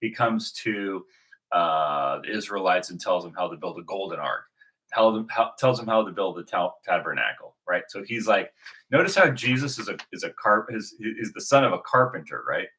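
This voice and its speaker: A man's voice: low voice, expressive, moderate pace, pushed and bright, poor audio. A man hosting his own video, reflecting aloud in an unscripted way, often restarting his sentences as he thinks. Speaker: video host.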